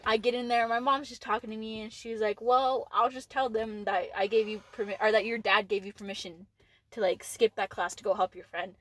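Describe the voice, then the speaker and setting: With a level tone on the high side, this teen podcast co-host chats briskly through a candid story, sprinkling in plenty of "like" and curse words. It's a dry recording of casual storytelling.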